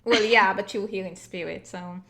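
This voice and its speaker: A young woman talks casually while she streams her animation work. Her voice sits at a middle pitch. She rambles and fills her talk with "like", poking fun at herself. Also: moderate pace, fairly bright tone. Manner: chatty, self-deprecating, lots of "like". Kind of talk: casual livestream chat.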